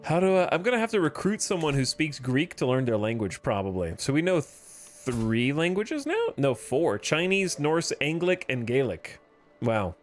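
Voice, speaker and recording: Male streamer, slightly high and very animated delivery; reads in-game text with wry commentary over soft game music. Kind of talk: casual gameplay commentary.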